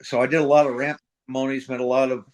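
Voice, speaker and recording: A blunt, profane retired Marine sergeant major from middle America, middle-aged, tells war stories in a casual interview and acts out the dialogue. His mid-range male voice is level and darkish in tone, and he talks very fast.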